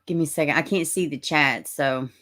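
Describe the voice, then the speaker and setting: Southern woman, low voice, chatty livestream host who calls viewers honey. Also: brisk, fairly bright tone. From Middle Tennessee, US. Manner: chatty, drawling, greets viewers as honey and baby. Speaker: true-crime livestream host. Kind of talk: casual livestream chat reading comments.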